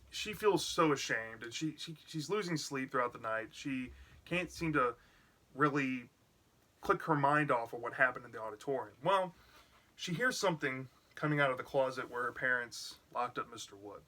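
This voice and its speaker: A man's voice: medium pitch, bright, forceful tone. A man giving a casual, chatty recap of a book's plot for a review, often checking in with "right?". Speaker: book reviewer.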